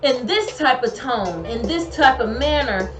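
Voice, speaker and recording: A fairly high-voiced woman giving a tarot reading with emphatic, colloquial advice that she keeps repeating. Her voice rings in an echoey room. Music plays steadily behind her. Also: lively intonation, measured pace. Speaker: tarot reader.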